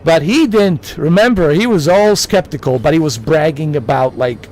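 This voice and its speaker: A man's voice: on the high side, moderate pace, hardly any pauses, darkish tone, a little hiss or hum. A man hosting a casual livestream, rambling and repeating himself as he lectures his chat. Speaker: livestream host.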